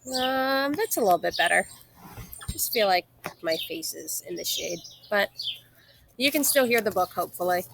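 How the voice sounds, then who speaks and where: A woman reading a children's novel aloud in a steady narrating manner, with casual asides between chapters. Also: mid-range voice, normal speed, creaky, long pauses, background noise.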